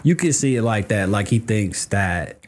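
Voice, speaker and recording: Man, husky voice, animated storyteller, cursing freely, casual podcast chat. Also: fairly low pitch, moderate pace. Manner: animated storyteller, acts out quotes, curses freely. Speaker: podcast guest, comic creator.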